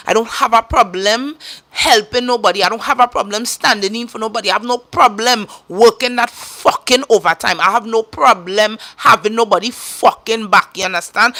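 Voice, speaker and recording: Trinidadian lady on a live stream going off, crisp edgy tone, swearing and hammering each point twice. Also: mid-range voice, pushed and bright. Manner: blunt, profane, emphatic, repeats herself. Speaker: caregiver. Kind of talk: casual livestream rant.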